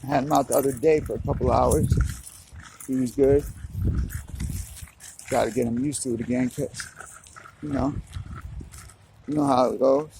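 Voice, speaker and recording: A man's voice: mid-range voice, fairly even intonation, normal speed, vocal fry, long pauses, background noise. A man chatting casually while walking his dog outdoors, filming on his phone, with a laid-back, chatty manner. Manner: laid-back, chatty, full of "you know what I'm saying". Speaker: dog owner vlogger. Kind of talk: casual walk-and-talk vlog.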